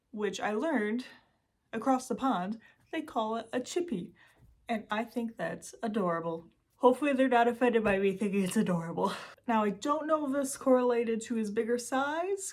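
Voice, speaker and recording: A woman's voice: on the high side, darkish tone. Chatty American woman telling a story. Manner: chatty, giggly, rambling asides. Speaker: host. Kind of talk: casual storytelling vlog.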